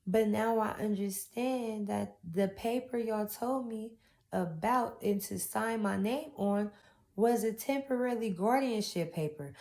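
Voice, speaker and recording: Unhurried and mellow, a young woman's mid-range voice carries an emotional testimony about her personal pain. She speaks rawly and earnestly, with Southern-style casual grammar.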